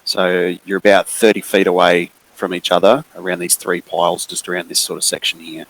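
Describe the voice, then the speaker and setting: A man, running a tabletop game and describing the scene with many pauses and fillers. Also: sits low, level tone, a bit bright, a little hiss or hum, low-quality recording. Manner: unhurried, hesitant with many fillers. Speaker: game master.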